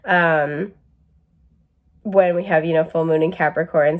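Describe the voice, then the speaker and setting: Young female tarot reader, casual and rambling, slightly low voice, occasional cough. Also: measured pace, long pauses. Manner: chatty, many fillers, asides to camera. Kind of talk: casual astrology reading.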